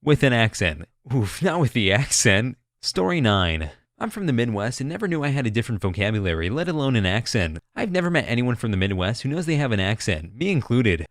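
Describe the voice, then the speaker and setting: A man's voice: mid-range voice, dry recording, studio quality. A man narrating a string of online stories with a wry delivery, sometimes slipping into other voices. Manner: quick, animated, wry, jumps into quoted voices. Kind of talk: reading online stories aloud.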